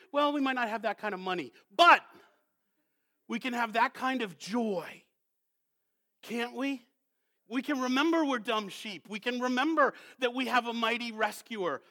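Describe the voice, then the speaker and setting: A male pastor preaching a sermon, moving from hushed questions to loud, emphatic calls and reading scripture slowly. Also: very high-pitched, expressive. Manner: slows down to read scripture with weight; asks the congregation many rhetorical questions.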